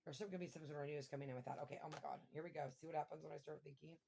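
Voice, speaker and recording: A woman giving a casual tarot reading, thinking aloud and breaking into excited exclamations and mild swearing. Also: low-pitched, racing, vocal fry, slight background noise. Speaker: tarot reader.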